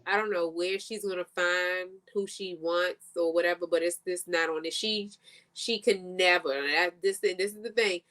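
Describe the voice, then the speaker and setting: A woman's voice: on the low side, fairly even intonation, normal speed, a bit bright. A woman co-hosting a casual review chat over a video call, talking in slangy, chatty bursts and laughing often. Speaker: co-host of a reality show review.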